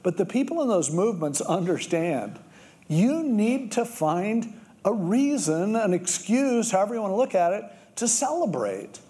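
A middle-aged male pastor preaching in a conversational, storytelling way. His voice is mellow and a little higher than most men's, and it swings widely in pitch as he slips into other people's voices. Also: sing-song, normal speed. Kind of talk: sermon.

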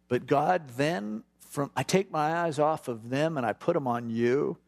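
A middle-aged man with a gravelly, creaky edge to his voice, teaching from scripture in a relaxed, conversational way. He slips into quick acted-out prayers and asides as he talks. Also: mid-range voice. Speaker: pastor.

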